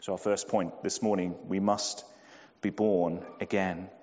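A man preaching a sermon, measured and emphatic, slowing down and dropping low on key phrases. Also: flat delivery, a little mellow. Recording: dull lo-fi sound in a long-reverb hall.

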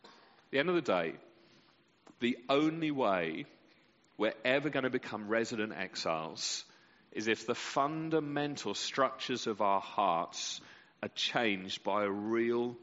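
A man preaching a sermon with passion, letting his voice swell loud and sink to a near hush. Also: slow pace. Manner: impassioned, with sweeping rises and drops in pitch and volume. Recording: muffled sound with a long reverb in a large hall.

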